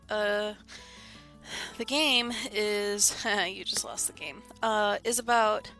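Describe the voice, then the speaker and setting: A woman's voice: mid-range voice, sharp tone. A congested woman hosting a gaming video, chatting casually and reading the game's text aloud in a rambling way. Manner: chatty and rambling, with small laughs.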